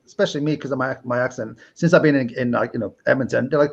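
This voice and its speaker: A middle-aged man from Wales with a Welsh accent, a podcast host chatting casually and telling lively stories. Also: fairly high pitch, quick pace, creaky, highs cut off. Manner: animated storyteller, acts out quoted people. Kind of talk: casual chat.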